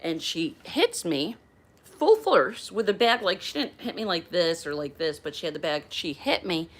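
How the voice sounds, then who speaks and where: Lowish-voiced woman host from outside Philadelphia, casual and animated storyteller. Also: normal speed. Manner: animated, acts out the dialogue. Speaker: flight attendant and channel host.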